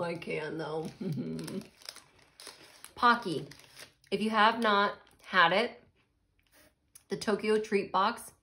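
Slow-talking woman tasting snacks. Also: on the low side, a bit bright. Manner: chatty, savoring, often laughing and murmuring while eating. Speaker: snack reviewer. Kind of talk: casual snack tasting vlog.

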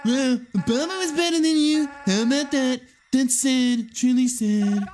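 A woman's voice: high voice, measured pace, a little mellow, soft background music. A woman putting on an impression of a boastful older male politician, mocking and swaggering in a game stream. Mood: taunting.

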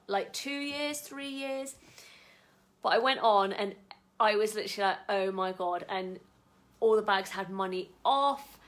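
A woman chatting excitedly at home on a casual live stream, swearing now and then. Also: mid-range voice. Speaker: vlogger.

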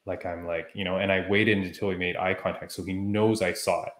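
A man co-hosting a podcast, telling a story in a heated, animated way during casual chat. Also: low-pitched, a little fast, echoey room. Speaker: podcast co-host.

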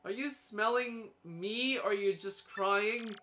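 A young man giving casual, joking gameplay commentary as he plays, sarcastic and quick to laugh. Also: sits high, bright, forceful tone, a little hiss or hum. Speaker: let's play commentator.

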